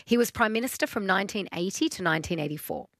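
A woman's voice: mid-range voice, animated, quick pace, fairly bright tone, dry recording, studio quality. A woman hosting a radio phone-in, friendly and encouraging as she chats and reads quiz questions. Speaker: radio host. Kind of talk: casual phone-in chat.

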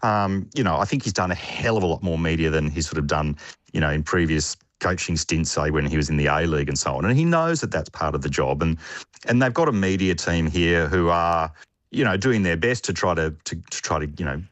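A man's voice: deep voice, brisk, no echo. An Australian man reporting on sport for radio, talking with many fillers and restarts.

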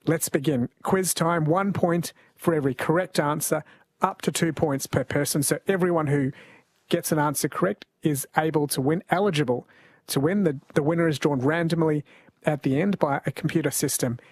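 Chatty Australian radio quiz host. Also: male voice, a little high, moderate pace, breathy edge, no room sound. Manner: chatty, jokey, laughs often. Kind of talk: late-night radio quiz hosting. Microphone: studio mic.

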